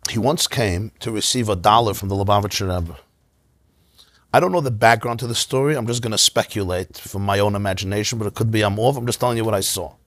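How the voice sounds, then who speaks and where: Rabbi giving a relaxed class; husky, dry, conversational, animated asides. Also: male voice, lowish voice, fast, dry recording. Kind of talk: informal Torah class. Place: synagogue.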